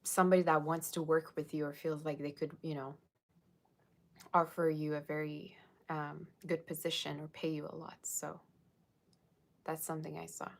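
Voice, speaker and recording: A woman's voice: sits low, flat delivery, moderate pace, vocal fry, long pauses. A woman giving a casual, rambling livestream tarot reading, chatting with viewers and thanking them by name. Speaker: tarot reader.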